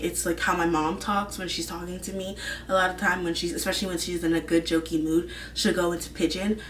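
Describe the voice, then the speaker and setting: A woman's voice: lowish voice, a bit bright, slight background noise. A woman host chatting casually to camera, rambling with lots of fillers and gushing about what she likes. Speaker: video host. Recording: roomy room, mic at a distance.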